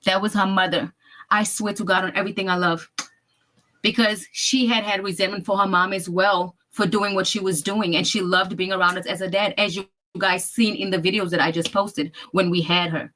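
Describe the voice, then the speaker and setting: In a casual vlog of her own, a woman emphatically tells a family story, acting out other people's lines and calling her viewers "y'all." Her voice is medium in pitch, a bit bright, steady in tone, and moderately paced.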